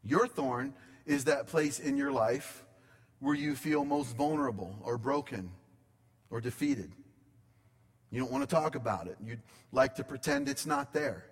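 A pastor preaching a sermon in a conversational style, with dramatic pauses. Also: male voice, mid-range voice, long reverb tail.

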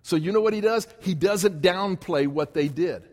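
A man's voice: sits high, normal speed, a little mellow. A man preaching a sermon as pastor in a church, emphatic and repetitive in his cadence. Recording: long hall reverb.

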